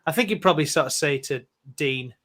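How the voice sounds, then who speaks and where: A man who is a guest voice actor, chatting excitably and with self-deprecating humor on a podcast. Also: a little high, a little fast. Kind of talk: casual podcast chat.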